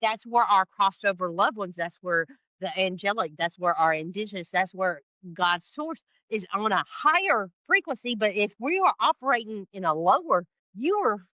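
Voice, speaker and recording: A woman tells her story in a bright, forceful voice and leans hard on repeated words. She slips into the voices of the people she quotes. The sound is dry and a little dull. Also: medium pitch, moderate pace, few pauses, dry recording. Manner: expressive, acts out quoted voices, emphatic repetition. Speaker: podcast guest, spiritual guide. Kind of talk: animated storytelling in conversation.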